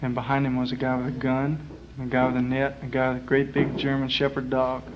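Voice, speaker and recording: On a muffled 1960s live recording, a man on a club stage tells a long, rambling joke, casual and drawling with lots of filler words. His mid-range voice is monotone and fast, with a noisy background.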